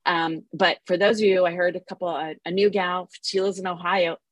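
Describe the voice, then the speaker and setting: A woman's voice: lowish voice, fairly even intonation, a little fast, no room sound. A woman on a group call, talking in a rambling, encouraging way about next year's conference.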